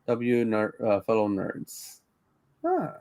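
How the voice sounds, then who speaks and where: A man's voice: fairly low pitch, huge pitch swings, slow, a little mellow, no room sound. A man co-hosting a casual live-streamed chat, rambling, restarting his sentences and laughing easily. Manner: rambling, repeats words when starting sentences, laughs easily. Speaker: co-host of a live-streamed podcast.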